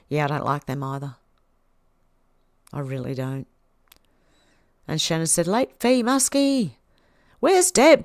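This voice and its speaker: A middle-aged Australian woman with a lowish voice hosts a livestream, recorded dry in clean studio sound. She casually reads viewers' comments aloud and answers them with small laughs.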